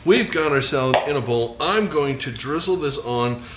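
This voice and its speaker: A man's voice: mid-range voice, expressive, normal speed, reverberant, noisy background. A man hosting a casual cooking demonstration, chatty, with self-deprecating asides. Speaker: cooking show host. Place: outdoor grill and home kitchen.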